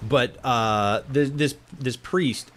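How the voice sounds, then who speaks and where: A man's voice: medium pitch, slow pace, a bit bright, a little hiss or hum. A young man chatting casually on a live stream while gaming, rambling and swearing heavily with many restarts. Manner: rambling, profane, full of restarts and laughs.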